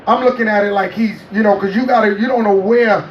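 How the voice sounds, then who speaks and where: A man telling a story in an interview, animated and laughing often as he acts out what people said. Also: sits high, quick pace, roomy sound, far from the mic, lo-fi sound, slight background noise. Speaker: interview guest.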